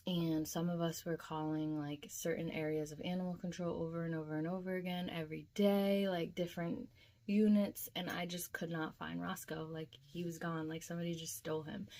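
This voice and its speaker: A young woman with a slightly low voice recounts her dream in a casual vlog. She talks in a chatty, emotional way and fills her speech with filler words. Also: level tone, moderate pace, vocal fry, darkish tone. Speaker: vlogger.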